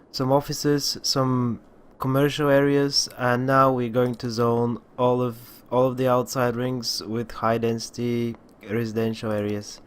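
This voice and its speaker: A man with a groggy morning voice giving casual commentary as he plays a city-building game, talking at an unhurried pace and often restarting his sentences. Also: mid-range voice, clean tone. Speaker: gaming channel host.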